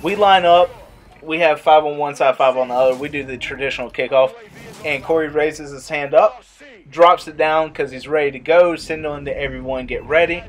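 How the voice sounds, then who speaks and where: A young man vlogging, telling a casual story and acting out the quotes in a higher voice. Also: moderate pace. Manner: animated, acts out quotes in a higher voice.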